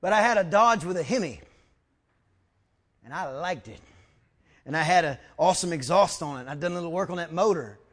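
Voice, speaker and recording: This sermon comes from a man with a fairly high voice who speaks a little quickly and pauses often. As a storytelling pastor, he animatedly performs the lines he quotes, and words get repeated whenever he grows excited.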